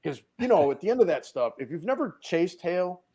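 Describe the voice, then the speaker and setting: A man from Connecticut telling lively anecdotes on a podcast call, acting out the voices of the people in his stories. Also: sits high, fairly quick, husky. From Connecticut, USA. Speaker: guest. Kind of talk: casual storytelling on a podcast. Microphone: remote video call mic.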